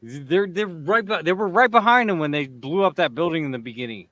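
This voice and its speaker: A man's voice: a little high, animated, brisk, fairly bright tone, no echo. A man co-hosting a casual movie review, making wry, sarcastic comments. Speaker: podcast co-host.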